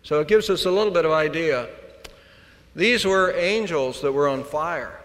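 A man preaching a sermon, swinging between hushed, quiet passages and loud, emphatic declarations. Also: a little high, normal speed. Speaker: pastor. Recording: long hall reverb.

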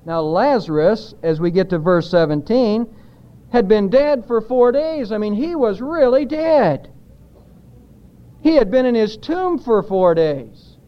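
Speaking in a notably high voice, a man delivers an expository sermon as pastor, stressing his points and asking the congregation rhetorical questions. He is expressive and unhurried. The audio is lo-fi and muffled, its high frequencies dulled.

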